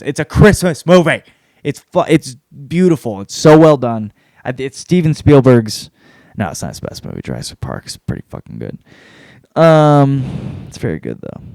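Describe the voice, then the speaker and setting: A man with a fairly high voice that swings widely in pitch hosts his own podcast and rambles through a casual rundown. He swears freely and gives blunt opinions. The recording is dry and close to the mic. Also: darkish tone, dry recording. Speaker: podcast host.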